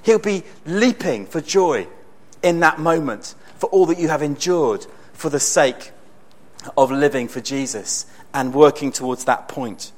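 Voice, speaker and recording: A man preaching a sermon in a conversational, storytelling way with bursts of excitement. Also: fairly high pitch, unhurried.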